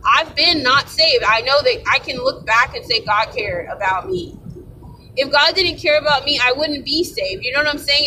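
Woman, high voice, casual faith talk, off-mic with a heavy rumble behind. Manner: rambling, conversational, asks for agreement. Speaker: Christian speaker. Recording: distant mic with loud rumble.

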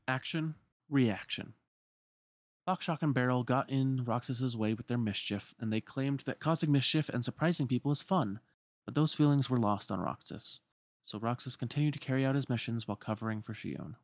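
A man's voice: medium pitch, normal speed, a little mellow, no room sound, studio quality. Man retelling a game story. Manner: plain storytelling with fillers and restarts. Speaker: narrator.

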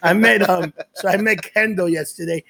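High, gravelly man ranting profanely. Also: fairly even intonation, normal speed, pushed and bright. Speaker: podcast co-host. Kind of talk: casual profane chat.

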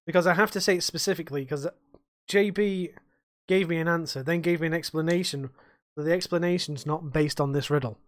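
A man's voice: fairly high pitch, fairly quick, no room sound. A young man co-hosting a podcast, ranting and swearing in casual chat about life as a bartender. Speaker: podcast co-host.

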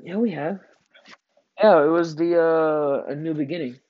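A man's voice: a little high, measured pace, muffled recording. A teenage boy hosting a casual podcast with a friend, rambling and joking with frequent laughs. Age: teens. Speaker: podcast host.

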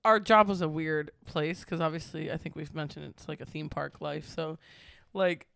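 A woman's voice: low-pitched, steady tone, normal speed, vocal fry, fairly bright tone, smooth, no room sound. A young woman telling work stories in a casual chat, packed with "like" fillers. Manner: chatty, storytelling, heavy "like" filler.

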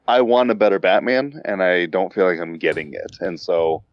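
A man's voice: low voice, fairly even intonation, moderate pace, dry recording, dull audio. A man co-hosting a podcast, voicing frustrated criticism in casual chat. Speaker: podcast co-host. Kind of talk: casual comic book chat.

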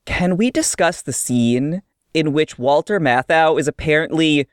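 A co-host in a casual film chat, speaking in a dry, incredulous, deadpan way. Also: mid-range voice, unhurried, clean tone, no room sound. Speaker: podcast co-host.

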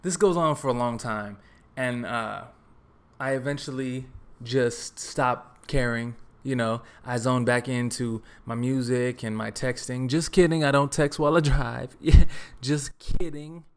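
A young man from Texas hosting a solo podcast, telling a story in a relaxed, joking, rambling way with lots of fillers. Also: mid-range voice, unhurried, clear, resonant tone. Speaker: podcast host. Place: his apartment.

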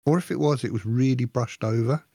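A man co-hosting a podcast, chatting in a rambling, animated way with frequent restarts. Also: mid-range voice, brisk, gravelly, slightly rough, dry recording, clean studio sound. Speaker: podcast co-host. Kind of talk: casual chat.

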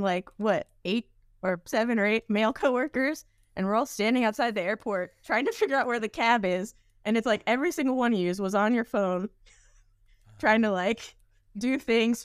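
Lively young American woman, guest storyteller. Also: on the high side, dry recording, studio quality. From United States. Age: young adult. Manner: lively storyteller who laughs through her anecdotes. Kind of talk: casual podcast chat.

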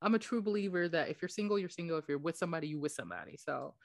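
A woman's voice: low voice, expressive, rapid-fire, no echo, studio quality. A woman co-hosting a casual podcast chat, playful and teasing.

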